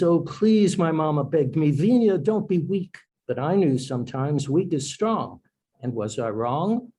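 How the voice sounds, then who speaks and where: A man's voice: on the high side, mellow, breathy edge, exaggerated voice. A man reading as a coy young woman in verse. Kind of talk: reciting a sonnet.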